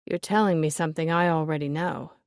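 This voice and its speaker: Lady putting on a raspy smoker shopkeeper, low and hushed, blunt and offhand, dry sound. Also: fairly even intonation, fairly quick, no room sound. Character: raspy chain-smoking London shop owner woman.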